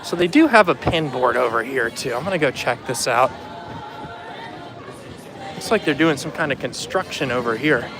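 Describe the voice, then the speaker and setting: A livestream host chats freely on a handheld phone while walking through a theme park, greeting viewers by name. His mid-range voice is expressive at normal speed with long pauses, and crowd noise fills the background.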